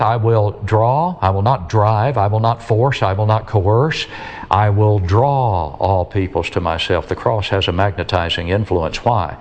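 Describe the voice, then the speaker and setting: A man preaching a sermon who stresses key words and lets his phrase ends fall low.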